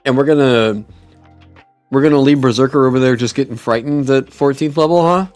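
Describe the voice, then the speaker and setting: A man streamer chatting casually and reacting, excitable and rambling, with frequent swearing. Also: mid-range voice, a little fast, soft background music. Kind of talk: casual chat.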